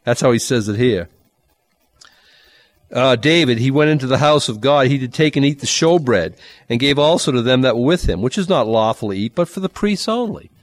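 A man teaching from the Bible in a relaxed, talkative sermon style. His pitch sits in the middle but jumps sharply when he gets animated, and he slips in dry humor. The recording is dry, with almost no room sound. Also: fairly quick, dry recording. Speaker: pastor.

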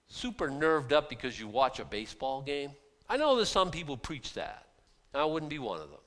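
A middle-aged man gives a casual, folksy sermon to a small group. He talks conversationally, slipping into quiet asides before building to loud, emphatic bursts. He often repeats words and restarts his sentences. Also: mid-range voice. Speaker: preacher.

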